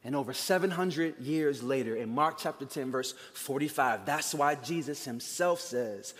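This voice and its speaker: A pastor preaching a sermon with emphasis, slowing down and dropping to a near-hush for weight, and calling the congregation to repeat words with him. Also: male voice, mid-range voice. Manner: leads the congregation in call-and-response. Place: church sanctuary. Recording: long reverb of a large church hall.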